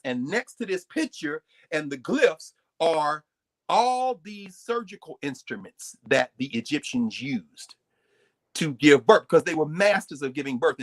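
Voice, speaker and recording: A man giving a live, lecture-style talk as the guest on a recurring segment, animated and digressive, often breaking off his own sentences. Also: medium pitch. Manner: animated, digressive, interrupts himself.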